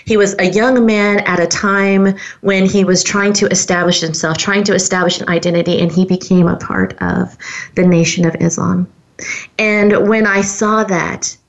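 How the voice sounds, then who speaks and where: A woman's voice: mid-range voice, gravelly, muffled recording. A woman hosting a podcast, telling a personal story in an earnest, heartfelt way straight to her listeners. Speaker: podcast host.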